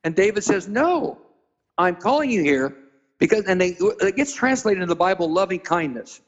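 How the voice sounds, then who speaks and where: A man preaching as a guest, retelling a Bible story dramatically and acting out the characters with sudden high-pitched voices. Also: expressive, lo-fi sound. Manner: spells out and stresses Hebrew words slowly. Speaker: pastor being interviewed.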